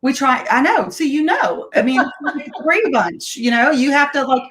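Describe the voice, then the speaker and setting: Her high-pitched, expressive voice is a bit bright and keeps a normal speed. The middle-aged woman is a guest home cook on a casual live-stream, upbeat and talkative, often laughing while she demonstrates a meal and offers tips in her home kitchen.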